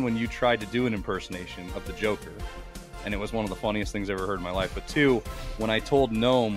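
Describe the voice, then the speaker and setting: A man's voice: lowish voice, fairly bright tone. A man co-hosting a podcast, chatting casually and crudely and laughing as he explains a game. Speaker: podcast co-host. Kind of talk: casual banter.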